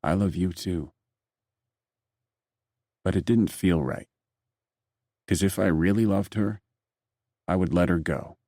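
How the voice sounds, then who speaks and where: Super deep guy reading an audiobook, quiet and brooding, dry sound. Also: unhurried, vocal fry, long pauses, no echo. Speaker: audiobook narrator. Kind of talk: first-person audiobook narration.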